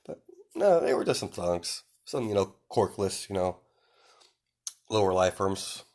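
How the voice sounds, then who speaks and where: A man's voice: low-pitched, lively intonation, measured pace, a little mellow. A man voicing a doting but ruthless middle-aged mother in a storytelling fan fiction, lifting his voice with sweet, lilting endearments. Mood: indignant.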